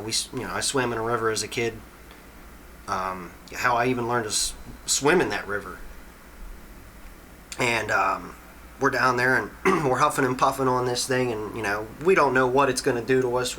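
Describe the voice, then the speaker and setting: A man in his thirties, a podcast host, telling a long story in an animated, casual way and swearing freely. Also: mid-range voice, a little hiss or hum, poor audio.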